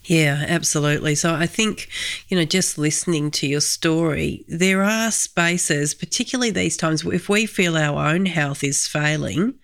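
A woman's voice: low voice, unhurried. A woman interviewer reflecting thoughtfully and affirming her guest. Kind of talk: interview conversation.

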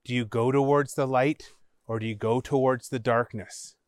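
A man telling an interactive adventure story for listeners to choose from. His mid-pitched voice is measured and sinks quiet at tense moments. The sound is close and dry. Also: steady tone, no echo. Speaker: podcast host and storyteller.

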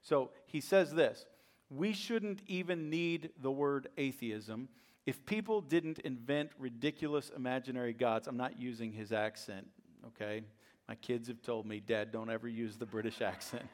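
A middle-aged man gives a sermon in an animated preaching voice. He talks at an even mid pitch, climbs into loud, pressing questions, then drops to soft asides. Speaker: pastor.

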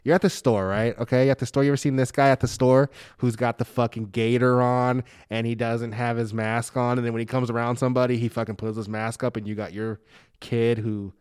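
A man with a middle-pitched voice tells stories in casual, heavily profane chat. He stumbles, restarts and speeds up as he gets worked up. The sound is close and dry. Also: a little fast, smooth, no echo. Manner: swears constantly, animated storytelling; stammers and restarts often. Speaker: guest telling personal stories; father of a young daughter.

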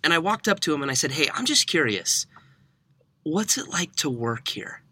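A young man, a podcast guest, telling a story in conversation, animated and laughing often. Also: fairly high pitch, moderate pace, breathy edge. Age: young adult.

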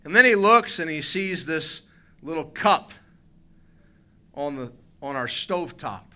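Southern pastor, middle-aged man, bright forceful tone, slightly high, humorous sermon storytelling that builds to emphasis. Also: expressive, a little slow.

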